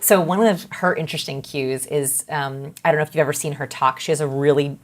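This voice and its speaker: A middle-aged woman speaking as an interview guest, explaining body language in an animated, conversational way. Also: sits low, brisk. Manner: animated, acts out quoted voices.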